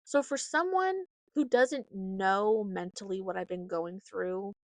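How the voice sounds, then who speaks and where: Young female podcast host, casual and heartfelt, fry in the voice, dry recording. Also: mid-range voice, takes it slowly, dry recording. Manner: chatty, heartfelt, many fillers. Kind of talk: casual solo podcast chat.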